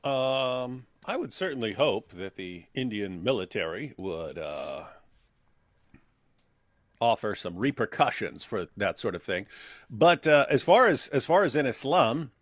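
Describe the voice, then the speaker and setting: A man's voice: mid-range voice, big pitch swings, measured pace, a bit bright, no room sound. A man co-hosting an opinionated commentary chat, talking animatedly and mocking others in quoted voices. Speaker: co-host.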